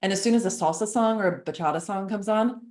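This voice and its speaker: A woman's voice: medium pitch, fast, a little mellow, echoey room. A woman in her thirties, a coach speaking as a podcast guest, talking in a casual, chatty way with frequent laughs and lots of "like" fillers. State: four months pregnant. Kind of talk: casual conversational interview.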